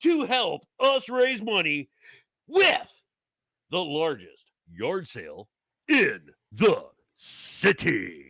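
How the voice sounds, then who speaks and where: A man's voice: high voice, wildly swooping pitch, extremely slow, gravelly, a bit bright, no room sound, studio quality, exaggerated voice. A male producer voicing a put-on British accent while reading a sponsor ad in a theatrical manner. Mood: hammy. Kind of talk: sponsor ad read.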